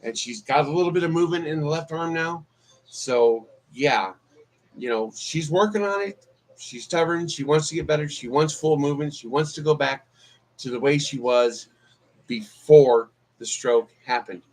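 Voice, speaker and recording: A man's voice: on the high side, moderate pace, darkish tone, low-quality recording. A man chatting casually on a live stream as a vlogger, rambling with many fillers and restarts. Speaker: YouTube vlogger.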